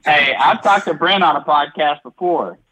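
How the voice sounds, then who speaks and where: A man's voice: fairly high pitch, moderate pace, sharp tone, low-quality recording. A male caller with a rural Southern US accent, trading crude jabs in a stubborn, laid-back drawl over the phone. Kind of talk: profane trash-talk call-in. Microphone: phone call.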